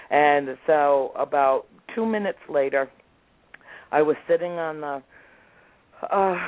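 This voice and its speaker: A woman in her sixties with a deep voice guests on a remote interview, animatedly telling stories about her family and voicing her relatives' remarks. The recording is dry and tinny, coming over a phone or call line.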